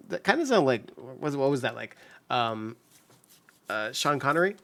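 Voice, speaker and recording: A man's voice: medium pitch, expressive, normal speed, vocal fry, fairly bright tone, dry recording. A man hosting his puzzle channel, chatting casually and upbeat as he solves, with lots of fillers and restarts. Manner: rambling, upbeat, many fillers. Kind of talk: casual commentary while solving.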